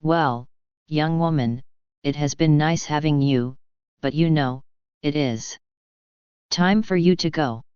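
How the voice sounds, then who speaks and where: A calm, stern old mother from a storybook , as the narrator reads her, speaking very slowly and deliberately. The voice is smooth and crisp. It sits close and dry on a slightly dull recording. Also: medium pitch, no room sound, close to an everyday voice. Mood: firm. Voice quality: slow, even reading. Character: stern elderly Indian mother, calm and firm.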